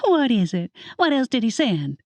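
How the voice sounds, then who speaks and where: An eager young witch pushes her voice upward with excitement and teasing glee, voiced by a woman narrator. Her delivery swoops across a wide range. The recording is dry and close. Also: a little slow, no room sound. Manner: excited and high-pitched.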